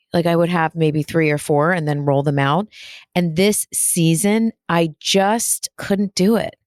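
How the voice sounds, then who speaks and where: A woman's voice: on the low side, dry recording, clean studio sound. A woman hosting her own podcast as a spiritual medium, talking in a chatty, rambling way with fillers and restarts. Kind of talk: casual solo podcast talk.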